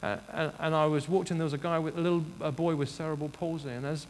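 A man's voice: a little high, steady tone, fast talker, a little hiss or hum. A man preaching a sermon in earnest, rising to emphatic bursts and restarting his sentences. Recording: reverberant hall, faint ambience.

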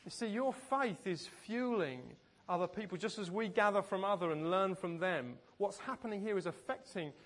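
A man's voice: high-pitched, normal speed, hardly any pauses, fairly bright tone. A man preaching a sermon as pastor, telling stories in a conversational way and often laughing.

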